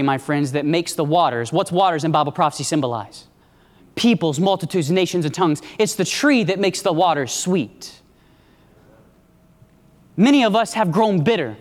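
A man preaching a sermon with emphatic call-and-response, his pace shifting often. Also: high-pitched. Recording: long echo of a large hall.

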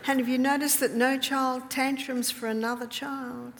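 A mother of several children tells stories to an audience at a health retreat, and the recording carries a long hall reverb. Her high, fairly bright voice stays steady and slow with long pauses, and she often laughs or drops to a whisper to stress a point.

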